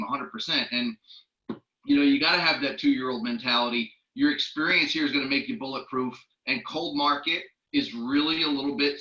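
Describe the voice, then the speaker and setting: Male trainer with a bright, sharp voice who tells lively stories, recorded in an echoey, muffled room. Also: medium pitch. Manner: lively storyteller who acts out the people he quotes. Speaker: network marketing trainer. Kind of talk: training talk with personal stories.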